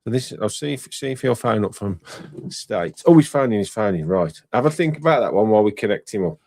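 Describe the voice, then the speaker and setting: A man's voice: fairly low pitch, animated, brisk, creaky, darkish tone, no echo. Middle-aged English man hosting a phone-in. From England. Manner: chatty, teasing, repeats words. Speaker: phone-in host. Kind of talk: casual radio phone-in chat.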